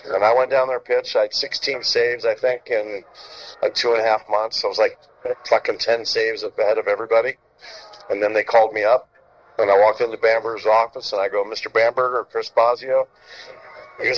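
A man's voice: mid-range voice, brisk. Middle-aged guy telling baseball stories, acts out the quotes, swears a lot, muffled lo-fi sound. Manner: animated storyteller, acts out quotes, swears freely. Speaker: former pitcher telling stories. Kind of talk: casual storytelling chat. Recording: dull lo-fi sound.

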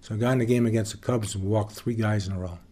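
A man being interviewed, telling stories from his years as a baseball pitcher in a relaxed, folksy way with some plain swearing. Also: quick pace. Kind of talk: casual storytelling interview.

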